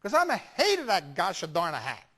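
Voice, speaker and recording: Man doing a high, swooping old Italian grandma, fussy and complaining in broken English. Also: wildly swooping pitch, moderate pace, fairly bright tone, heavily acted. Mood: exasperated.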